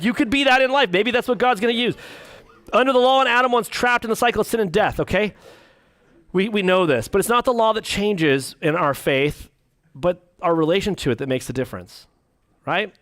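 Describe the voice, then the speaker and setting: A man, a pastor, teaching a church class, reading quotes and joking between them in quick put-on voices. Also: high voice, dry recording. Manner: animated, jokey, acts out quick voices.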